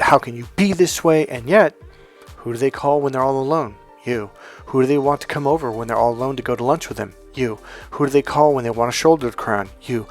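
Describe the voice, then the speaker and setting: A man speaks as a motivational coach. He has a mid-range voice and tells personal stories with emphasis, often asking rhetorical questions. Soft music plays quietly behind him. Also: mid-range voice. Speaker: relationship and healing coach. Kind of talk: motivational talk to camera.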